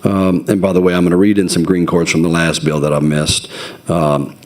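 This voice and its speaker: Man, very low voice, committee chairman, halting, lots of ums. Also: little pitch movement, a little mellow. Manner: halting, filler-heavy. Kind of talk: chairing a legislative hearing.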